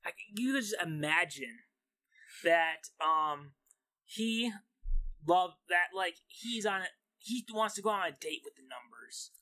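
A woman's voice: lowish voice, expressive, a little slow, bright, forceful tone. A woman co-hosting a comedy chat, giggling as she rambles through absurd made-up scenarios.

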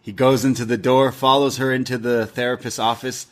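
A man, co-hosting a casual review podcast and retelling scenes with lively acted-out quotes. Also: mid-range voice, brisk. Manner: animated storytelling, acts out quotes. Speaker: podcast co-host.

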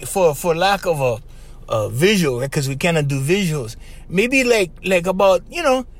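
A man talks through relationship advice on his podcast in a loose, emphatic monologue. His voice sits a bit high for a man and swings widely in pitch. He keeps punctuating points with "okay?" and "right?". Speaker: podcast host.

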